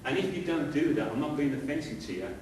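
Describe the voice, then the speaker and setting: Recorded from afar in a heavily echoing church hall, with a faint hiss, a middle-aged pastor speaks quickly and expressively in a darkish voice on the high side. He addresses the congregation conversationally, throwing rhetorical questions at them.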